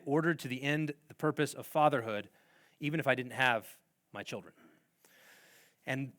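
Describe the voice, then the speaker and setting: A middle-aged man speaking to a conference of pastors, teaching in a conversational way, asking the audience questions and often dropping his voice at the ends of phrases. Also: on the high side. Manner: wide swings in loudness, trailing off quietly at phrase ends. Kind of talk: lecture-style talk to pastors.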